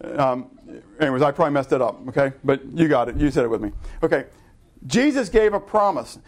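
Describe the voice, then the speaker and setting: A middle-aged man preaching a sermon, animated and conversational, asking the congregation to answer and correcting himself in loose asides. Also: mid-range voice, brisk. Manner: animated preaching with audience call-and-response. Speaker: pastor.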